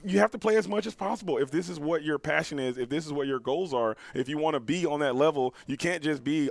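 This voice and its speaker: A man's voice: fairly high pitch, quick pace, gravelly, few pauses. A man co-hosting a card game podcast, talking emphatically and tagging lines with "okay?" and "you gotta". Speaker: podcast co-host. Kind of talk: casual competitive gaming chat.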